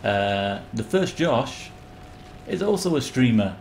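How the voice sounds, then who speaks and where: A man's voice: medium pitch, big pitch swings, takes it slowly, darkish tone, a little hiss or hum. A man streaming a game live, rambling and joking with his chat and yelping when things go wrong. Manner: rambling, jokey, breaks into yelps when panicking. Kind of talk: live gameplay commentary.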